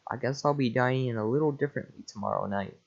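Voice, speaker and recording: A man's voice: medium pitch, quick pace, creaky. A man voicing an earnest young princess under a curse, a little flustered, in a casual script reading. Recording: lo-fi home mic.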